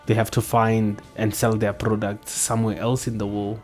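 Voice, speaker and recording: A man's voice: on the low side, flat delivery, normal speed, a little mellow, soft background music. A man hosting, giving casual blunt commentary and arguing back at clips. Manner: blunt, argumentative, keeps saying bro. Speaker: host.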